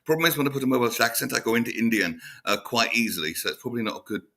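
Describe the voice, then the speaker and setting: A man hosting a casual chat show, rambling and animated, breaking into laughter as he talks. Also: mid-range voice, racing. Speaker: host.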